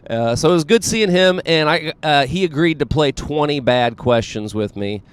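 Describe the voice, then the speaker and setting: A man's voice: medium pitch, clear, resonant tone. A man hosting his own show as a comedian, in a rambling, self-deprecating monologue full of fillers, with a Southern US accent.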